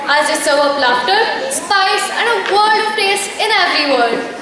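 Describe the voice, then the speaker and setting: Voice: extremely high pitch, expressive, normal speed, far from the mic, over a noisy crowd. A young woman presenting a school play in a playful, rhetorical scripted style. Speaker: stage presenter. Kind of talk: scripted stage announcing. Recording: echoey hall, from afar, noisy.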